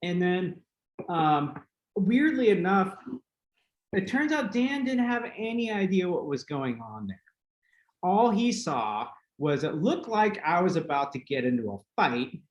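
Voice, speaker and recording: A man's voice: high voice, measured pace, muffled recording. Laughing man telling a rambling story, roomy sound. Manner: animated, laughing storyteller with many fillers. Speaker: podcast host. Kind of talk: casual storytelling. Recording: roomy echo with faint noise.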